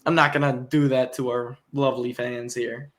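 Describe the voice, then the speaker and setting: A man's voice: mid-range voice, little pitch movement, moderate pace, fairly bright tone. A young man hosting a casual sports podcast, easygoing and rambling, with frequent ums and chuckles. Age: young adult. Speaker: podcast host.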